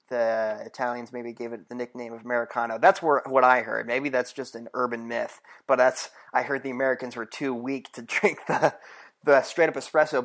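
A man's voice: medium pitch, fairly bright tone. A man talking as a guest in a casual interview, easygoing and hesitant, with frequent chuckles and fillers. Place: California.

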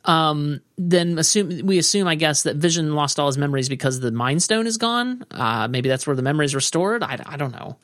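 A co-host in a casual show recap, thinking out loud and often trailing off unsure. The voice sits at an ordinary middle pitch. It is recorded dry and close, with no room echo. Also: animated, a little fast, hardly any pauses. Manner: musing, hedging, often trails off with "I don't know".

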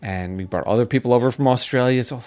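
A middle-aged man, a scientist and speaker, talking casually in an interview and telling lively stories. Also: mid-range voice, fast. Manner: animated storyteller, acts out quotes, laughs often.

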